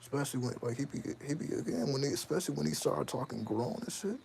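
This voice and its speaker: A man talking casually to his viewers in a rambling, self-interrupting way, full of slang, over steady background noise. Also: mid-range voice, quick pace, creaky, few pauses. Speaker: channel host. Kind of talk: casual personal monologue to viewers.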